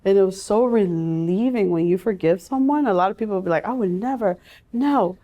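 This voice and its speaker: A woman in her forties telling her personal story in an interview, speaking earnestly and from the heart, with pauses and restarts. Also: mid-range voice, mellow. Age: 40s. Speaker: guest sharing her life story.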